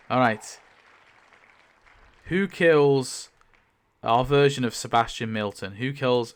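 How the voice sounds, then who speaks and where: Male YouTuber, rambling casual commentary, clear smooth voice, mid pitch. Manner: rambling, lively, many fillers and laughs. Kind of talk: casual commentary while spinning a wheel.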